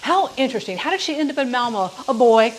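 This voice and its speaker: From her home kitchen, a middle-aged woman hosts a live cooking demo, chatting warmly and telling rambling stories with frequent asides to viewers. Her high, expressive voice moves fast over a sizzling frying pan, on a rough recording with slight background noise.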